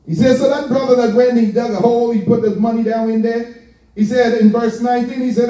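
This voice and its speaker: A man with a very high voice preaches to his congregation in an echoey church hall, drawing out his words for emphasis. His tone is dark and mellow, and he stands some way off from the mic, so the room sound carries him. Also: recorded from a distance. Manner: preaching with drawn-out emphasis and direct address. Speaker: pastor. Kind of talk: sermon.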